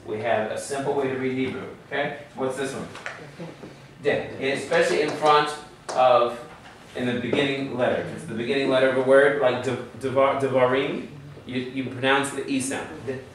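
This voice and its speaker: A man leads a classroom lesson, drilling students patiently and checking in often. His voice is at an ordinary pitch and sounds distant, recorded from across a very echoey hall. A faint hum sits behind him. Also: steady tone, normal speed. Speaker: Hebrew teacher.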